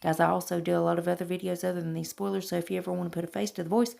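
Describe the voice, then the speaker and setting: A woman's voice: on the low side, racing, vocal fry, hardly any pauses, dark tone, soft background music. A woman chatting folksily in a beauty vlog voice-over, calling her viewers honey and girl and swearing mildly. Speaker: beauty vlogger.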